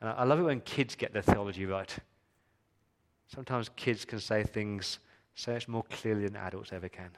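Man preaching with dramatic loud-soft swings. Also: on the low side, moderate pace. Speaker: pastor. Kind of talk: sermon.

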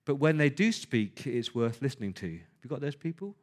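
A man's voice: medium pitch, sing-song, fairly quick, darkish tone. A man preaching a sermon, emphatic, with rhetorical questions and words repeated for stress.

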